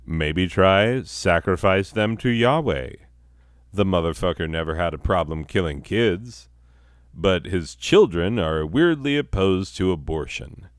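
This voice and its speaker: Man, very low voice, unhurried, sardonic and profane, dry close sound. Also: animated, no echo. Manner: sardonic, swears a lot, laughs at his own bits. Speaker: comedy podcast host. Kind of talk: profane satirical monologue.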